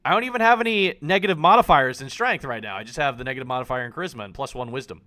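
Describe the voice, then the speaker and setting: Live-streaming a game, a man talks very fast in a medium-pitched voice. He's excitable and swears, joking at his own expense while reading the on-screen text aloud.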